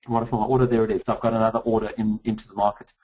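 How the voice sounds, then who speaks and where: A man presenting a live trading webinar, explaining chart indicators quickly with many fillers and restarts. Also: lowish voice, flat delivery, mellow, breathy edge, poor audio. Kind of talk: live webinar screen-share walkthrough.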